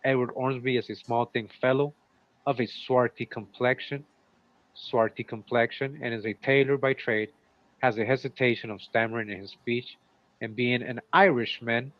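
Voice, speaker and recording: Casual male co-host reading old notices aloud, stopping to comment. Mid pitch, dry and muffled lo-fi recording. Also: steady tone, normal speed, no echo. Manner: reads old runaway ads, breaks off with asides. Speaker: show co-host. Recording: dull, lo-fi sound.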